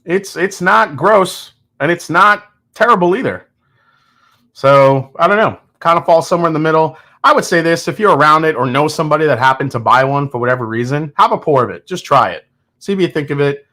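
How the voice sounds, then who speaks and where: A man hosts a live whiskey-tasting stream, joking casually as he answers viewer comments. His fairly high voice has a sharp tone and runs a bit fast; he's candid and jokey, restarting often and laughing.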